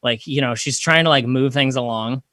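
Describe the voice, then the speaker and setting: A man's voice: medium pitch, moderate pace, sharp tone, no room sound, clean studio sound. A young man telling a comedy story in a casual, rambling, self-deprecating way, full of fillers.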